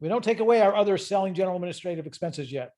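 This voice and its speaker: A man's voice: sits high, expressive, racing, a little mellow. Conversational man teaching accounting online. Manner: explanatory, conversational, asks students questions. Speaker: accounting instructor. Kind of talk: online lecture.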